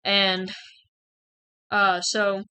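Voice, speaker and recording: A woman's voice: mid-range voice, level tone, very slow, sharp tone, clean tone, no room sound, low-quality recording. A young woman candidly telling a personal story in a frank, conversational way, full of "like" and "um". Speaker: channel host sharing personal experience.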